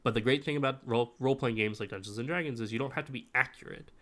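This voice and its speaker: A man's voice: mid-range voice, very fast, a bit bright. A man co-hosting a podcast in casual chat, explaining game-master advice at length.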